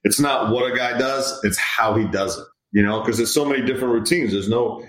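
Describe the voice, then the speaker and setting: A middle-aged man, a hitting coach, talking casually and rambling a bit as he tells stories about players. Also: lowish voice. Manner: relaxed, rambling, acts out quoted players. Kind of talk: casual interview chat. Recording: echoey room.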